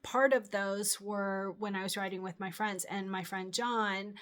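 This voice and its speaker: A woman's voice: medium pitch, steady tone, a little slow, a bit bright. Chatty middle-aged woman telling a story. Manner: rambling, chatty, many fillers and restarts. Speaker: channel host. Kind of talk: casual storytelling.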